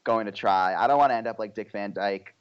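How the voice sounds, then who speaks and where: A man co-hosting a podcast, chatting in a measured way with dry jokes. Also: lowish voice, smooth, lo-fi sound. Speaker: podcast co-host. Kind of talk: casual podcast chat.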